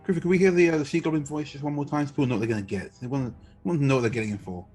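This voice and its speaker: A man chatting as a player at a game table, making quick joking asides. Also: mid-range voice, a little mellow, faint music behind. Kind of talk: casual chat at the game table.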